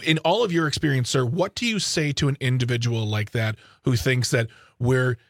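A man's voice: medium pitch, moderate pace, no room sound. A man hosting a radio interview, asking earnest and respectful questions. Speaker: radio host.

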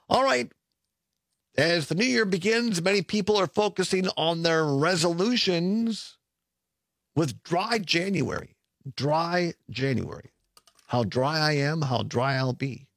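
Lively middle-aged male radio host. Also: on the high side, no room sound, clean studio sound. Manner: animated, chuckling, self-correcting. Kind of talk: casual talk radio chat. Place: radio studio. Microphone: studio mic.

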